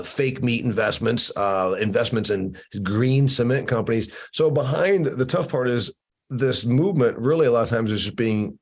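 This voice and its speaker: A man hosting an opinionated discussion over a video call, emphatic and teasing, with many restarts. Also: medium pitch. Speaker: podcast host.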